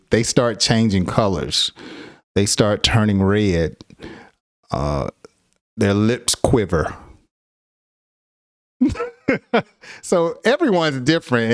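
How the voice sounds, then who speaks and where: A man's voice: medium pitch, no echo, clean studio sound. A middle-aged man giving a casual English lesson, laughing often and acting out angry example phrases. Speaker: English teacher.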